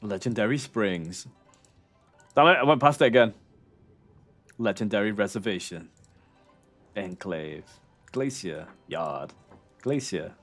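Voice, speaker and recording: A man's voice: fairly low pitch, animated, measured pace, long pauses, a bit bright, faint music behind. A young man from the United Kingdom streaming a game, muttering casually to himself in a dry, laid-back way. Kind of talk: casual gaming stream chat.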